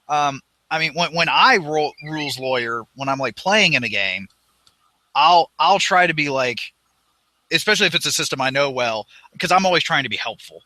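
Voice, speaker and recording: Chatty gamer dude on a podcast, rambles a lot, pretty high voice. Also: male voice, animated, a little fast, pushed and bright, no echo. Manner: rambling, self-deprecating, laughs often. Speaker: podcast co-host. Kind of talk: casual podcast chat.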